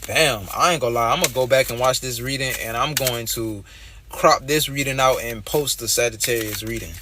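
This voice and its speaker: A man's voice: medium pitch, a little fast, noisy background. A young man giving a casual tarot reading in a blunt, streetwise way, repeating his points as he talks. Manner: loose, conversational, repeats phrases. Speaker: tarot reader.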